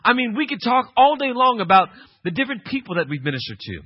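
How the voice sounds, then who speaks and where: A male pastor preaching an emphatic sermon, swinging from quiet passages to loud, insistent ones. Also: very high voice, very animated, fast, breathy edge, dry recording, muffled recording.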